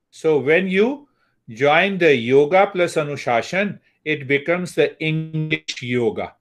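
A man teaching yoga verses, reciting each word slowly and repeating them for students to follow. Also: a little high. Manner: drawn-out, careful chanting of Sanskrit verses, repeating for practice. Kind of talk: slow recitation lesson.

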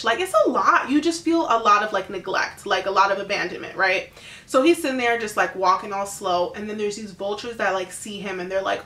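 A woman's voice: medium pitch, roomy sound. A woman casually recapping a movie she just watched, chatty and full of fillers, briefly acting out the characters. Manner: animated, acts out characters in quick impressions. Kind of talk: casual chat.

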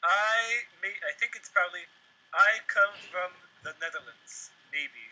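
A man's voice: high voice, measured pace, pushed and bright, highs cut off. A man chatting as a friend on a casual video, giggling and mocking along. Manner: giggly, mocking, reads text aloud. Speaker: co-host friend. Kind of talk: casual joking chat.

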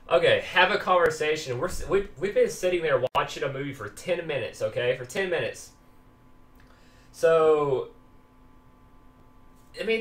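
A man's voice: on the high side, fairly bright tone, distant mic. A man giving joking, rambling let's play commentary, reading the game's lines aloud. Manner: rambling, joking, reads game text aloud. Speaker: gaming YouTuber. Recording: roomy echo, voice off-mic.

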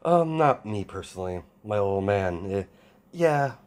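A man voicing a kind, easygoing young soldier in an improvised fan story, speaking in a relaxed, reassuring way. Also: fairly low pitch, unhurried.

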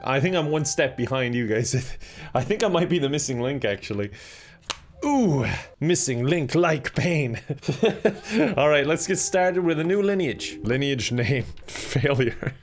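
An excitable man hosting a let's play, laughing often and mocking himself as he plays. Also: medium pitch. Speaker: gaming host.

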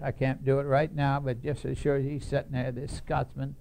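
Gravelly older man spinning a blunt yarn. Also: medium pitch, steady tone, moderate pace, hardly any pauses, dark tone. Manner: blunt, emphatic, chuckling at his own stories. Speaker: Christian speaker telling his life story. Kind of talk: folksy storytelling talk to an audience.

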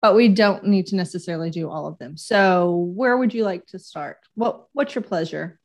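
A woman's voice: lowish voice, normal speed. A woman co-hosting a casual chat show, teasingly reading out quiz questions and scoring her partner's guesses. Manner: playful, teasing, reads out game questions. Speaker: co-host running a quiz game.

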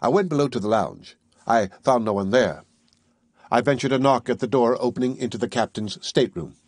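A man reading a classic novel aloud in a measured first-person storytelling manner. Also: mid-range voice, lively intonation, no echo, studio quality. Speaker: audiobook narrator. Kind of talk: scripted audiobook narration.

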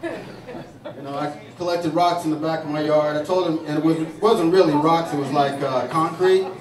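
Performing stand-up on a saloon stage, a man rambles through his stories with fillers and restarts. His fairly high voice stays fairly even in intonation at a moderate pace. The recording is distant and echoey, with a crowd around him and the audience laughing.

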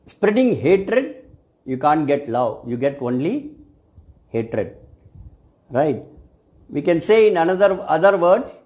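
A man, a cosmetic science lecturer giving a reflective video talk to his students, speaking in measured phrases that often end with "right?". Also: fairly high pitch, big pitch swings, darkish tone.

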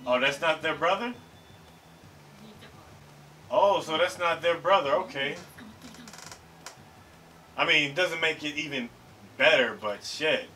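A man hosting an anime reaction video, talking in an excitable, slangy way and swearing freely. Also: a little high, slow, pauses often, a little hiss or hum. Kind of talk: casual reaction commentary. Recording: slightly distant mic, faint show audio.

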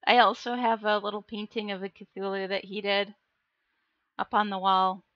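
A woman's voice: mid-range voice, level tone, normal speed, no room sound, muffled recording. A woman reading a novel aloud on a livestream, breaking off for jokey chats with her viewers. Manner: jokey, chatty asides to chat. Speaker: livestream book reader.

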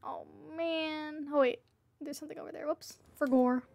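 A woman's voice: high-pitched, steady tone, normal speed, a little mellow, dry recording. A woman livestreaming a game, chatting casually and playfully pleading with other players. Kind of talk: casual gameplay livestream chat.

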